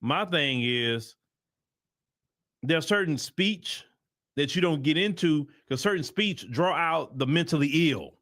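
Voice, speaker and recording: A man's voice: on the high side, expressive, slow, fairly bright tone, no echo, clean studio sound. A man hosting a livestream commentary, talking in a heated, rambling way full of repeated restarts. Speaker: host and commentator.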